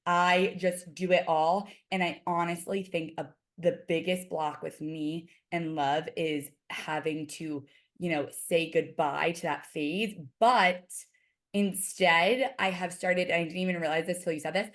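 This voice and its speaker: A woman's voice: fairly low pitch, steady tone, measured pace, a bit bright. A woman guest on a podcast, chatting casually and peppering her talk with "like". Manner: chatty, lots of "like" fillers. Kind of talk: casual chat.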